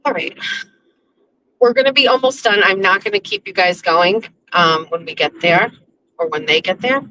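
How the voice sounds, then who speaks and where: Bright woman chatting in her car on a stream, rambly, lots of restarts, a bit of hiss behind. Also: medium pitch, normal speed, rough recording. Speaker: livestream host. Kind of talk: casual livestream chat while driving. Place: in a car on the road.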